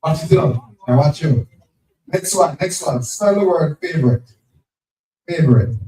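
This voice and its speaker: A man, hosting a live spelling game at an event, brisk and teasing, repeating each word. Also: on the high side, expressive, dark tone. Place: event venue with crowd. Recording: echoey, distant from the mic.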